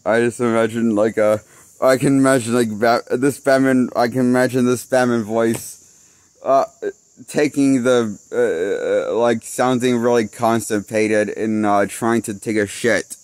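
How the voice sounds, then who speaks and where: A male movie critic talks through a casual review at a slow, unhurried pace. He rambles, restarts his thoughts and chuckles at his own jokes. His voice sits at an ordinary pitch in a dry, close sound. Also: steady tone, darkish tone, no echo. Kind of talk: casual spoken film review.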